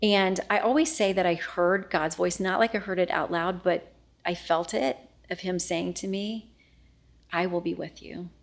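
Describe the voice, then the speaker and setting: A middle-aged woman, a news anchor, telling a personal story in an interview, earnest and often dropping to a hushed voice as she re-enacts what was said. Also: on the low side, fairly even intonation, moderate pace. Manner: earnest, reenacts dialogue, often drops to a hushed voice.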